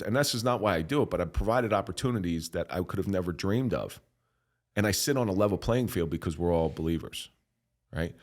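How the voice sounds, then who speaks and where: A middle-aged man, a podcast guest, telling a story in a casual, animated, profane way that turns preacher-like. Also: sits low.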